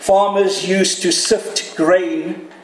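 A man's voice: high voice, little pitch movement, drawn-out words, a little hiss or hum. A man preaching a sermon in an earnest, conversational way, asking his listeners direct questions. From Canada. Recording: echoey room.

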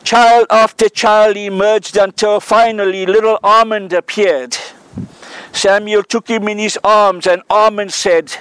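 A male pastor delivers a sermon with a notably high voice and an unhurried, deliberate pace. He tells an illustrative story earnestly and then builds to emphatic, repeated declarations, the way a preacher speaks to a congregation in church. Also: fairly even intonation, fairly bright tone, clean tone, poor audio.

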